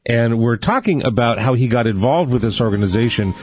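A man's voice: medium pitch, animated, brisk, a little mellow. A man hosting a radio interview show, introducing his guest and leading into a break. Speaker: radio host.

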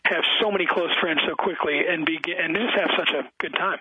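A man's voice: a little high, brisk, slightly rough, no room sound. A man, an athletic director being interviewed on radio, talking with enthusiasm and frequent restarts. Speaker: high school athletic director. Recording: tinny phone-like radio sound.

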